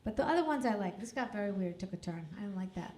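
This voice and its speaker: A woman's voice: mid-range voice, lively intonation, fast talker, noisy background. A middle-aged woman performing a crude, self-mocking stand-up comedy set on a club stage into a handheld mic. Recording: live club with crowd laughter. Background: audience laughter.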